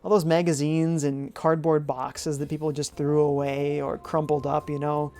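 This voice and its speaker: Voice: mid-range voice, little pitch movement, moderate pace, dark tone, no room sound. A game streamer giving live commentary, reading viewers' chat aloud and musing and humming while deciding things. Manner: chatty, muses aloud, hums while thinking.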